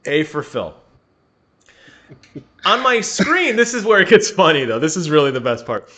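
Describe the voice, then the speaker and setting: A young man co-hosting a gaming podcast, telling a story in an animated way and laughing often. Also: a little high, normal speed. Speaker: podcast co-host. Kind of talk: casual chat.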